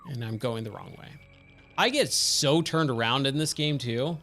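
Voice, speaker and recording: A man's voice: mid-range voice, normal speed, a bit bright, soft background music. A man giving casual, rambling commentary as he streams a game, thinking aloud and wandering off into tangents. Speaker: gaming streamer.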